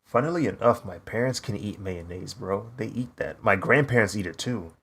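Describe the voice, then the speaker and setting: A young man from the US chatting casually while drawing on a live stream, laid-back and quick to laugh. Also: on the low side, expressive, vocal fry, a bit bright, slightly rough. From United States. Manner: laid-back, laughs often, says "bro". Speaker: streaming artist.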